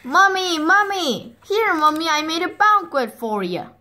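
A woman voicing small, excited chicks in a storybook reading, high and eager. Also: a little slow, heavily acted.

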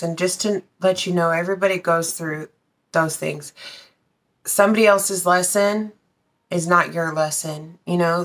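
Her voice is fairly low and a bit bright. She reads tarot in a blunt, casual manner straight to her viewers, swearing without restraint and now and then slipping into song.

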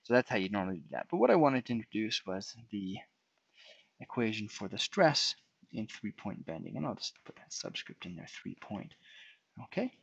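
A man's voice: lowish voice, vocal fry, husky. A man giving an unscripted whiteboard lecture, explaining step by step as he draws and often restarting his phrases. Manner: unscripted, restarts and fillers while drawing. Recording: dull lo-fi sound.

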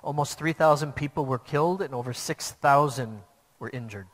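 A man's voice: mid-range voice, normal speed. A man preaching a sermon to a church, telling a personal story in an earnest, plain way. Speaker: pastor. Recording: long hall reverb.

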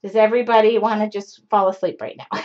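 A woman's voice: medium pitch, steady tone, fast talker. A woman in her forties hosting a live craft show, chatting casually and rambling with many fillers. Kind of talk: casual live-stream chat. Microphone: computer mic on a live stream. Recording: dull lo-fi live-stream audio.

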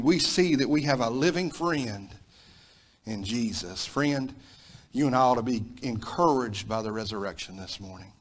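A Southern American preacher delivering a sermon with an emphatic, repetitive style. He builds to loud peaks and then drops low, in a mid-pitched man's voice. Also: normal speed. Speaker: pastor.

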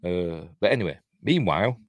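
With a low-sitting voice, this middle-aged host from Yorkshire, England, talks animatedly and a little fast through a film commentary. He rambles casually, chuckling and interrupting his own sentences. The recording is dry.

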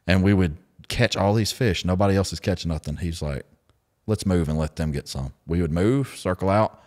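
Man, very deep voice, chatty podcast host, laughs through his stories. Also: moderate pace. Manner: animated storyteller, laughs often, acts out quotes. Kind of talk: casual storytelling chat.

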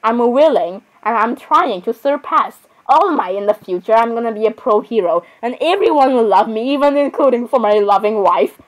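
Playful high-voiced woman gamer. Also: lively intonation, moderate pace, few pauses, low-quality recording. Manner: chatty, laughs often, playfully sarcastic. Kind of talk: casual gameplay commentary.

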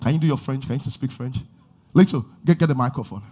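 A man preaching a sermon as pastor, asking the congregation questions and building to shouted passages. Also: medium pitch, fast, husky.

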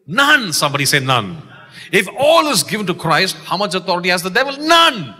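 Man, Malaysian English accent, fiery pastor, very bright, husky, booming church reverb. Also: very animated, fast. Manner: exuberant, calls for audience responses, shouts key lines. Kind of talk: sermon. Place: church sanctuary.

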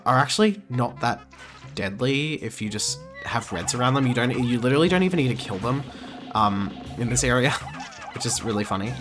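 A man's voice: medium pitch, fairly bright tone. A man in his twenties giving casual let's-play commentary, rambling and easily sidetracked, full of fillers and restarts. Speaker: gaming channel host. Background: game music.

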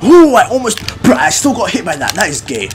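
Excitable young man doing loud gameplay trash talk. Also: high voice, brisk, faint music behind. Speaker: gaming YouTuber. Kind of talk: live gameplay commentary.

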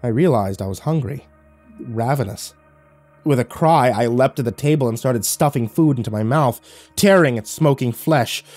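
A man reading a horror story aloud in a dramatic, slow, drawn-out narration. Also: medium pitch, a little mellow.

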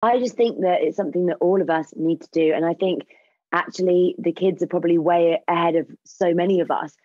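A woman's voice: fairly low pitch, steady tone, brisk, darkish tone, dry recording. A woman DJ speaking as a podcast guest, talking fluently and enthusiastically. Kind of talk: casual panel chat. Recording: dull lo-fi audio.

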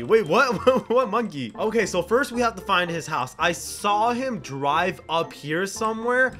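High pitched guy yelling over roblox gameplay, gasps and laughs a ton, faint music behind. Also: unhurried, few pauses. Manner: excitable, gasping and laughing often; drops to a hushed voice when sneaking. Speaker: gaming YouTuber. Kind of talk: excited gameplay commentary.

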